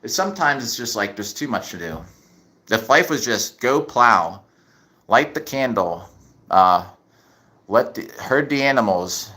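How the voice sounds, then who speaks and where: A man's voice: mid-range voice, lively intonation, a little slow, pushed and bright. A middle-aged man chatting casually on a livestream, rambling and restarting his sentences as he reads chat. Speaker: livestream host.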